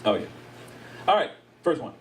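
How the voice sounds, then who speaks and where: A man's voice: moderate pace, far from the mic, very noisy. A middle-aged man doing stand-up comedy with crowd work on stage, laughing often and acting out voices. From United States. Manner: animated, laughs often, acts out voices of others. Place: live comedy venue with audience.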